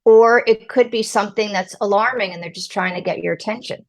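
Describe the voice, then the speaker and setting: A woman's voice: medium pitch, brisk. A woman guest on an interview show, giving advice to mothers in an emphatic, coaching manner. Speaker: guest parenting and PR expert.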